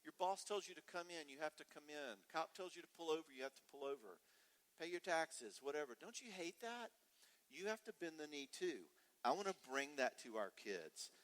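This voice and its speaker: A man's voice: on the high side, expressive, fairly quick, fairly bright tone. An older man giving a conversational, humorous parenting talk at a conference, telling family stories and acting out voices. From United States. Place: church hall. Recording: long reverb from a large hall.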